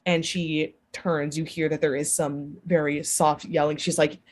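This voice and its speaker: A woman narrating a tabletop game as game master, animated and quick to shift into voices. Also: low-pitched.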